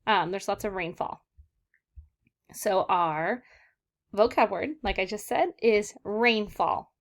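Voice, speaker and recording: A woman's voice: mid-range voice, takes it slowly, vocal fry. Young woman teacher, patient and encouraging, leads children through vocabulary words in a video lesson. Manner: encouraging, repeats and checks in with "okay, guys?". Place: southern California.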